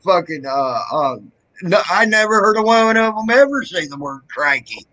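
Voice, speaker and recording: A man's voice: sits high, lively intonation, moderate pace, pushed and bright, poor audio. A man in casual chat, rambling and profane, restarting his sentences often.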